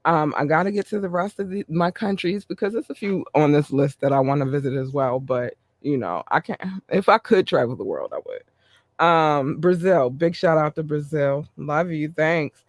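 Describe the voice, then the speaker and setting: A man hosting a podcast, reading listener shout-outs in a chatty way with running asides. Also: on the high side, expressive, normal speed, no echo. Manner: warm, chatty, reads a list with asides. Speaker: podcast host.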